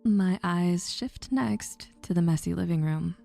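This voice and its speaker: A woman narrating a first-person story in a soft, slow, often breathy near-whisper. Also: fairly low pitch, faint music behind.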